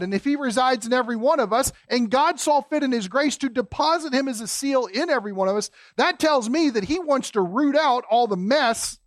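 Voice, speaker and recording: A man preaching a sermon as a pastor, folksy and emphatic, dropping low and quiet to stress a point. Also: no echo, clean studio sound.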